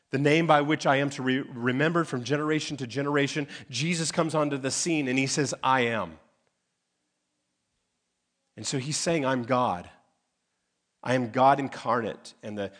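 A male pastor preaching a sermon, landing on key phrases with emphatic pauses. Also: fairly high pitch, a bit bright. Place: church sanctuary.

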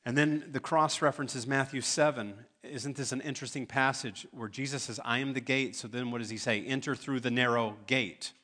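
A man's voice: mid-range voice, fairly even intonation, moderate pace, hardly any pauses, pushed and bright. Emphatic male pastor preaching a sermon. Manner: emphatic, rising to urgent pleas.

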